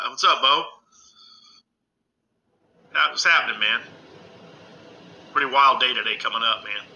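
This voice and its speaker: A middle-aged man chatting casually on a live stream from home, rambling excitedly and calling everyone "man" with lots of uh's. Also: mid-range voice, slow, long pauses, low-quality recording. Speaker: ghost-hunting live streamer. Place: indoors at home under a lamp.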